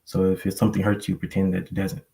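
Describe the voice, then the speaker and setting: A low-voiced man speaks on a live online panel, his tone gravelly and fairly flat. He tells a personal story in a reflective, rambling way, full of fillers and restarts. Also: fast, poor audio. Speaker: panel guest. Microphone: online call microphone.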